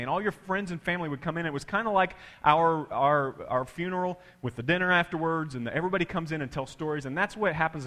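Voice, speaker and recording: A man preaching a sermon in a fairly high voice, swinging his pitch and loudness as he tells the story. He drops to a hush for quoted words, then builds back up, repeating phrases for emphasis in a church hall. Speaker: pastor.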